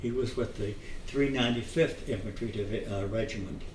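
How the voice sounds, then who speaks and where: An older man telling his memories in an oral history interview, halting with many fillers and restarts, chuckling now and then. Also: on the low side. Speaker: veteran interviewee. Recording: echoey room, distant mic, faint noise.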